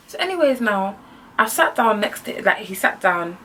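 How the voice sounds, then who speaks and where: A young woman telling a storytime vlog in an animated, slangy way, filling her talk with "like". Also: mid-range voice, normal speed, recorded from a distance, a little hiss or hum. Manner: animated, slangy, heavy use of "like". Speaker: vlogger.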